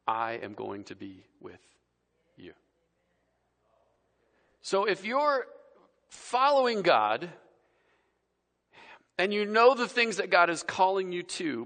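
A man preaching a casual, conversational sermon, swinging between loud emphasis and quiet, soft passages. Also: fairly high pitch. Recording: long reverb of a large hall.

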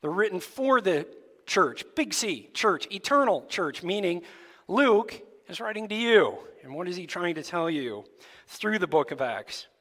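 A male pastor giving a sermon to his church, asking the congregation lively rhetorical questions. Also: sits high, unhurried, big-room sound. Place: church sanctuary.

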